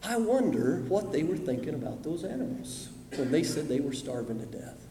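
High-voiced preacher man in an echoing hall. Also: big pitch swings, normal speed. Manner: dramatic, swings from loud emphasis to hushed asides. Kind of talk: sermon. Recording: echoey hall with long reverb.

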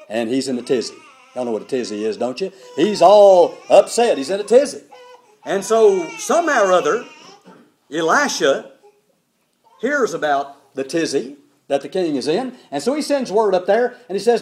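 A man's voice: on the high side, normal speed. An older man preaching a sermon, telling a Bible story and acting out the characters in it. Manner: animated, acts out the characters in the story.

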